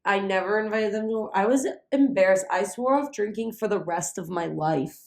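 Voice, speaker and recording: Gravelly-voiced woman telling a story. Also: mid-range voice, normal speed, echoey room. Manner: animated, heavy use of "like", swearing. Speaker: podcast co-host. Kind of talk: casual storytelling chat.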